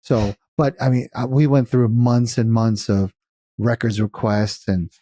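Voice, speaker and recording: A man telling a story as a guest on an interview show, blunt and animated, acting out the dialogue and swearing casually. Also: medium pitch, a little slow, no room sound, clean studio sound. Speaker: guest, cost segregation firm founder.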